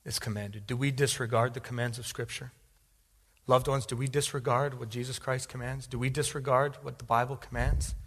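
A male pastor preaching a sermon, repeating phrases and building from calm teaching to loud, pleading appeals. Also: medium pitch, fairly quick, slightly rough, in a large hall.

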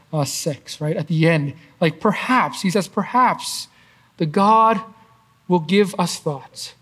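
Man, high-pitched voice, casual Bible teaching, lots of "right?" and "um". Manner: conversational, many fillers and tag questions. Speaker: preacher.

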